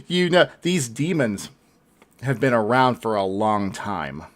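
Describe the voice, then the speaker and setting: A male host giving thoughtful reaction commentary, pausing often with hesitant fillers. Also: medium pitch, big pitch swings.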